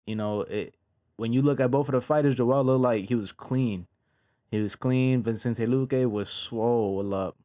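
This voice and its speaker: A man casually reviewing fight results in a laid-back, slangy way, with frequent pauses. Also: mid-range voice, darkish tone. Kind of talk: casual reaction commentary.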